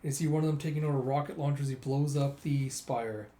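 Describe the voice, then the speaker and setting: A man casually recapping a comic story in an animated way, acting out the lines. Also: medium pitch, fast. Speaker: manga recapper. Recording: roomy echo.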